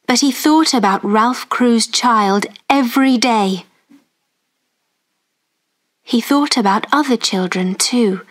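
Lady reading a learner storybook, slow and clear, fairly high voice. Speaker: story narrator. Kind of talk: slow graded-reader narration.

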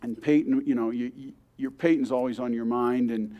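A man's voice: medium pitch, fairly even intonation, normal speed, mellow, lo-fi sound. Older man, grandfather, church testimony, earnest storytelling, acts out quoted voices. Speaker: guest speaker. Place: church service.

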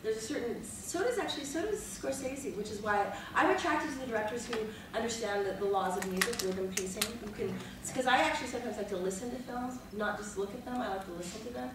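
A woman on a panel, telling animated, salty anecdotes to an audience in a large hall. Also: a little high, quick pace, hardly any pauses. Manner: animated storyteller, salty language. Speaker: guest on a panel. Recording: echoey hall from far off, noisy.

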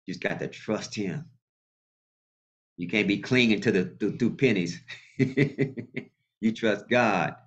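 A male pastor preaching a sermon in a colloquial, animated way and calling out to his congregation. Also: low voice. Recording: muffled lo-fi sound.

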